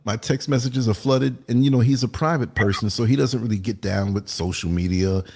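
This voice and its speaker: A man hosting a casual livestream talk show, telling lively stories and often checking in with "you know what I mean". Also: mid-range voice, fairly quick, creaky, breathy edge. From United States. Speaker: podcast host.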